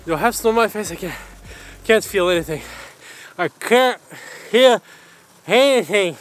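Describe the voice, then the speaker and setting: A man's voice: high-pitched, expressive, a little slow, long pauses. Playful father vlogging on a handheld camera outdoors, voice jumping up and down. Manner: playful and teasing, often laughing. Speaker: father filming a family vlog. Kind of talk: casual vlog chat. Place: outdoors at a forest ice rink in snow.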